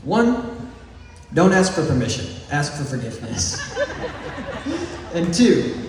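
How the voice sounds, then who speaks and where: His voice sits on the high side and swings widely in pitch. He's roughly eighteen, an East Texas valedictorian whose graduation speech mixes heartfelt moments with jokes, delivered in slow, careful phrases punctuated by chuckles, and captured from far away in a large reverberant hall or gym with faint noise.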